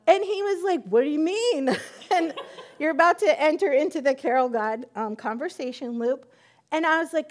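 A woman's voice: high-pitched, brisk. A woman giving a personal testimony in church, acting out both sides of her conversations with God and laughing at herself often.

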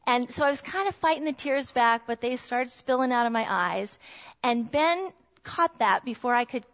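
A woman's voice: fairly high pitch, expressive, moderate pace, fairly bright tone. A middle-aged woman giving a heartfelt Christian testimony talk to a mothers' group. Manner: earnest, heartfelt storytelling. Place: meeting room with a group of women. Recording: dull lo-fi recording.

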